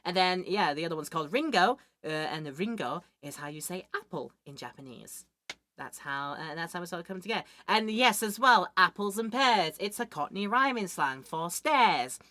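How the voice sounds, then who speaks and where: A woman's voice: fairly low pitch, animated, normal speed, pushed and bright, dry recording. A young woman streaming a game, chatting casually and voicing the characters as she reads. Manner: chatty, voices characters while reading. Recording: music playing behind.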